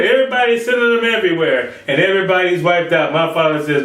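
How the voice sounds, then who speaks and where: A man's voice: a little high, a little fast, hardly any pauses, a bit bright, echoey room, distant mic, low-quality recording. A man preaching a sermon, acting out quoted speakers in changing voices. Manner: acts out biblical quotes in shifting voices.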